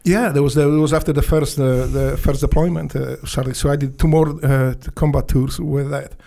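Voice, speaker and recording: Guest, male, Polish accent, gravelly and dark-toned, swears freely while he tells his stories. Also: mid-range voice, moderate pace. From Poland. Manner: profane, animated storytelling with non-native grammar. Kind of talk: casual storytelling.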